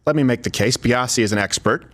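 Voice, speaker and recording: A man's voice: mid-range voice, fast talker, a bit bright. A man hosting political commentary, making his case in a persuasive, emphatic scripted delivery.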